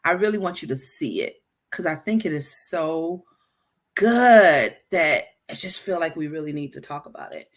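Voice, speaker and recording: A woman hosting a casual talk on healthy communication, speaking straight to her listeners, animated and stumbling into frequent restarts and repeated words. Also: low voice, normal speed. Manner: addresses listeners directly. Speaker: podcast host.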